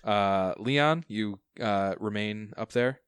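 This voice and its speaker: This game master, a man with a somewhat low voice, guides his tabletop session over chat and chuckles easily as he describes what happens. He talks slowly and smoothly, and the audio is dry with no surrounding room.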